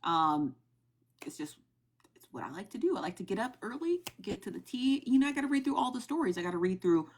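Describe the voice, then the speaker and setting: A young woman on a phone livestream, casually recapping online gossip in a chatty, animated way and asking her viewers questions. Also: mid-range voice, a little fast, a little hiss or hum. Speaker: TikTok live streamer sharing gossip news.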